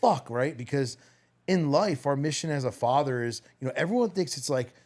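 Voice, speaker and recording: A man's voice: mid-range voice, animated, normal speed, a little mellow. A middle-aged man in a podcast conversation, speaking bluntly and swearing freely about fatherhood.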